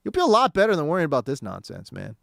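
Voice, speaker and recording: Exasperated slangy American radio host. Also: male voice, on the high side, wildly swooping pitch, racing, creaky, fairly bright tone, dry recording, clean studio sound. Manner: slangy and exasperated, says bro, dude, dog. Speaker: radio sports talk host. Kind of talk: casual opinion rant. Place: radio studio.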